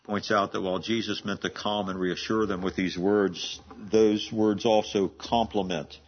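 Older guy preaching, kinda husky and low, talks like he's just telling you a story, muffled lo-fi sound. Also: steady tone, normal speed. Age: 70s. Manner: conversational storytelling preacher with frequent restarts and laughs. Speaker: pastor. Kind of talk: sermon.

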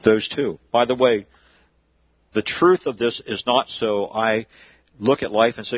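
A man's voice: medium pitch, measured pace, long pauses, slightly rough, no room sound, muffled recording. A man preaching a sermon as a pastor, talking conversationally and asking and answering his own questions.

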